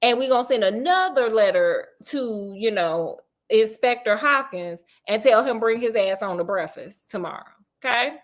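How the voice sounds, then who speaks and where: A woman's voice: lively intonation, normal speed, few pauses, natural voice. A woman voicing a cocky, bossy male detective in slangy street talk during a comedic story retelling. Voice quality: low, drawling slang swagger.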